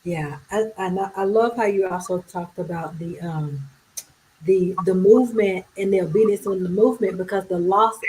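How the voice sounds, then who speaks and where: A woman hosting a livestream interview on a video call, chatting casually and agreeing warmly with her guest. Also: medium pitch, normal speed, poor audio. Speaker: livestream host.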